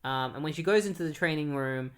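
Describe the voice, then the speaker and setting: A man's voice: a little high, fast. A man casually reviewing comic books, talking loosely with lots of fillers and giving blunt opinions. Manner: loose and conversational, full of "like" and "um"; recaps the plot then gives blunt opinions.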